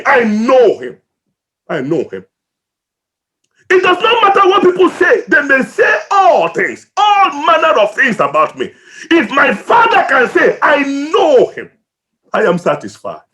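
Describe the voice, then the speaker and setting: A pastor from Nigeria preaching an impassioned sermon, swinging between shouts and hushed, emotional drops. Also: male voice, very high-pitched.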